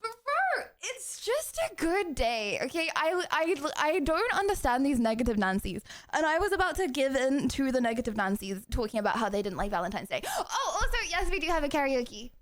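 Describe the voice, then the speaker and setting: A woman's voice: sits high, big pitch swings, a little fast, few pauses. A woman streamer chatting casually and giggly with her live stream audience. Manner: bubbly, giggly, talks to chat directly. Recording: music playing loudly behind. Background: loud karaoke music.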